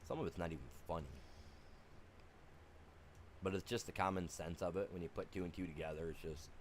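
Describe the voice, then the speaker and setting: Male game streamer, casual rambling chat, chuckles often, a bit low-pitched, faint noise behind. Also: steady tone, brisk. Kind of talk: casual chat during a livestream.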